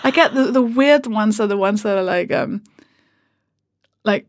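A woman's voice: mid-range voice, measured pace, long pauses, no room sound, studio quality. A woman comedian guesting on a podcast, chatting casually and acting out the people in her stories. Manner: animated storytelling, acts out quoted people. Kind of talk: casual chat.

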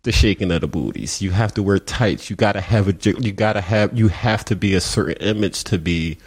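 A low-pitched, fairly quick voice with a breathy edge belongs to a Philadelphia man who started a community organization. Speaking outdoors on a city street in a casual interview, he tells stories with animation and plays out the voices of those he quotes.

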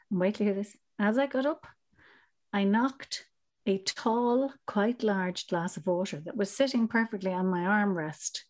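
An Irish woman in her thirties, a podcast co-host telling a story in casual chat, animated and laughing as she acts out the voices. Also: mid-range voice, normal speed. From Ireland.

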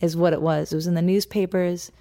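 A woman in her fifties telling a childhood story in a relaxed chat, bringing it to life by imitating the people in it. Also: on the low side, fast talker. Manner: lively anecdotal, mimics voices in quotes. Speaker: guest. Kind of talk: casual storytelling.

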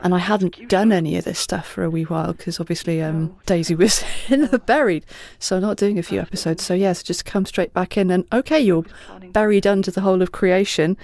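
A Welsh-accented woman and voice actor, chatting and reminiscing in an animated way. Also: lowish voice, a little fast, vocal fry, hardly any pauses. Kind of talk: casual reminiscing chat.

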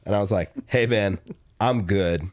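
A man co-hosting a podcast, telling a story in casual chat, animated, acting out dialogue with lots of fillers. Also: fairly low pitch, moderate pace, dry recording, clean studio sound. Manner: animated, acts out quoted dialogue, frequent fillers. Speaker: podcast co-host.

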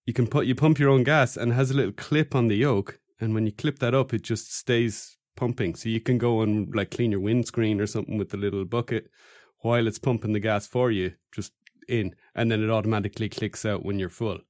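A man hosting a podcast, talking in a relaxed, easygoing way in a casual chat. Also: on the low side, fairly quick, few pauses, dry recording, clean studio sound. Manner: relaxed, easygoing, laughs along. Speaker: podcast host.

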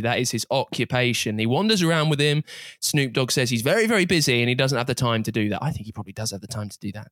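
A man's voice: medium pitch, expressive, quick pace, fairly bright tone, dry recording, studio quality. A man hosting a podcast in a casual, teasing chat, laughing often. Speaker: podcast host.

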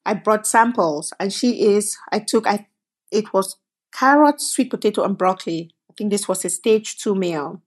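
Animated woman telling her story. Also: medium pitch, normal speed. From Cameroon. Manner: animated storyteller, acts out quoted voices. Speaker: guest, food company founder. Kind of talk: interview storytelling.

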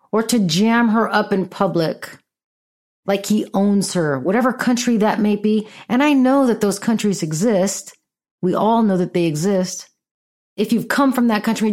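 A woman hosting a podcast, telling a story in a blunt, profane, animated way. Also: fairly high pitch. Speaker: podcast host. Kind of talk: casual storytelling monologue.

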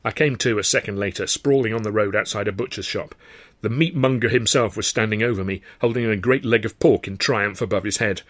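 A man reading his own novel aloud as author-narrator, with brisk, wry storytelling. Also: fairly low pitch, fairly bright tone. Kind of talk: audiobook narration.

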